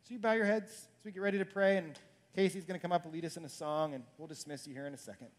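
A man's voice: fairly high pitch, steady tone, very fast, a little hiss or hum. A man preaching a sermon as pastor, earnest and building to urgent questions.

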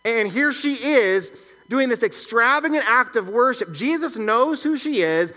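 A man's voice: extremely high pitch, animated, unhurried, bright, forceful tone. A man preaching a sermon, reading scripture aloud and explaining it in a conversational teaching manner. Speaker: pastor.

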